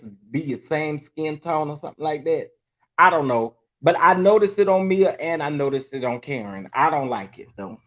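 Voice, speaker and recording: A man's voice: fairly high pitch, a bit bright. A man hosting a casual reality-TV chat, laughing often. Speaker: host.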